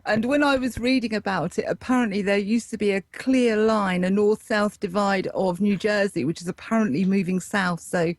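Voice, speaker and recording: A woman running a casual quiz, brisk and teasing with the players. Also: medium pitch, no echo. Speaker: quiz presenter.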